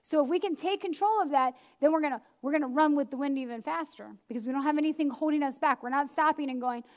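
A woman preacher giving a lively, chatty sermon with self-deprecating asides. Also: sits high, fast talker. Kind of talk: conversational sermon.

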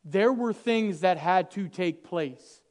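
A man delivers a sermon in a fairly high voice. He drops to near-whispers for weight, then climbs into loud, animated stretches. He plays out bits of dialogue with a light, humorous touch. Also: takes it slowly. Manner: dynamic, swings from hushed to loud and animated; acts out quoted dialogue with humor. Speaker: preacher.

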